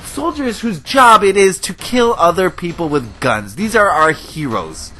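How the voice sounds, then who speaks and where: A man's voice: high-pitched, very animated, unhurried, sharp tone. Passionate ranting man. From United States. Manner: passionate, emotional, preachy. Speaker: gaming video host. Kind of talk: ranting commentary over gameplay.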